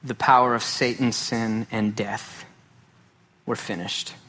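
A man's voice: lowish voice, fairly even intonation, slow pace, sharp tone. A male pastor preaching a sermon, emphatic and repeating key phrases for weight.

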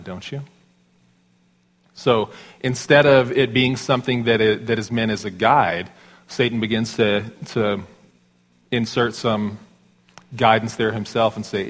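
Conversational preacher in a reverberant hall. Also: male voice, mid-range voice. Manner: conversational, self-deprecating preaching with quick asides. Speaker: pastor. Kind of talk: sermon. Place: church sanctuary.

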